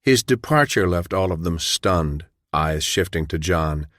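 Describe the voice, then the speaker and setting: Deep-voiced guy narrating an audiobook, dry close sound. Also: expressive, unhurried, fairly bright tone, no room sound. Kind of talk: scripted narration.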